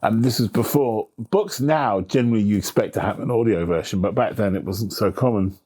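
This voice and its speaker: An author in a relaxed interview speaks in a fairly low, slightly rough voice at a brisk pace. He's an animated storyteller, acting out quoted voices with lots of humor and swearing casually.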